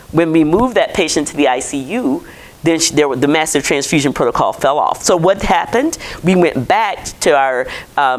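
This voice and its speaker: A woman's voice: low voice, rough recording. A woman physician giving a conversational conference lecture and putting questions to the audience. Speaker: physician presenting to clinicians.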